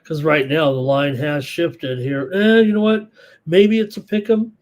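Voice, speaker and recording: A hoarse man hosting a live sports betting show, thinking aloud through picks in a rambling, casual way. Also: on the high side, measured pace. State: hoarse, losing his voice.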